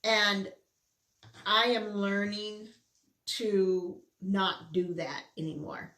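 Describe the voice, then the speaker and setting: A woman's voice: medium pitch, fairly even intonation, very slow, bright, forceful tone. A middle-aged woman vlogger chatting candidly while she eats, sometimes with her mouth full. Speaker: mukbang vlogger. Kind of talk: casual chat while eating. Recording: roomy indoor echo.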